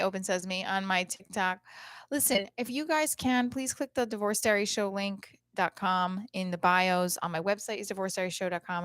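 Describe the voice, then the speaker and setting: A woman's voice: mid-range voice, no echo. A middle-aged woman hosting a podcast, talking in a blunt, profane, rambling comedic monologue into a close mic.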